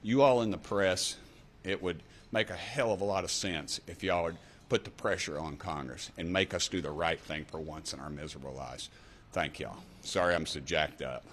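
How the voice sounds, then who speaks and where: A man's voice: low voice, normal speed, fairly bright tone, slight background noise. A man in his sixties with an East Tennessee accent, giving fiery, folksy press conference remarks with punchy repeated refrains. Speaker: congressman.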